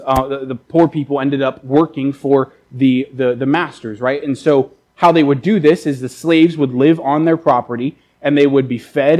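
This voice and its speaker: A man's voice: medium pitch, mellow, poor audio. A man preaching a sermon in a casual, conversational way, with many fillers and repeated words, acting out characters in quoted asides. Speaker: pastor.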